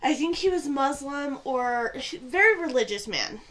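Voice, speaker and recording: A young woman co-hosting a podcast in casual chat, rambling with lots of "like" and swinging between excited bursts and quiet asides. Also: sits high, a little slow. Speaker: podcast co-host.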